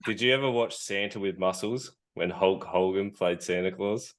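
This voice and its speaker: A man co-hosts a relaxed movie podcast, playful and teasing, and keeps calling his friend mate. His voice sits on the low side. He sounds easygoing and ribbing. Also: normal speed. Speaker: podcast co-host. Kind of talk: casual movie chat.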